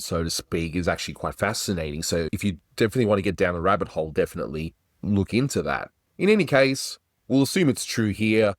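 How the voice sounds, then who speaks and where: Australian male host, deep and conversational, dry booth sound. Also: no room sound. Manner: chatty, conversational, self-deprecating. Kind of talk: casual review commentary.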